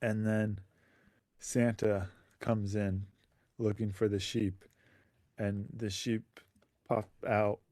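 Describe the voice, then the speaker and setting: Laid back podcast guy telling a made-up story, lowish voice, dry sound. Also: level tone, slow pace, mellow, no echo. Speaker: podcast co-host. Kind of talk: improvised storytelling chat.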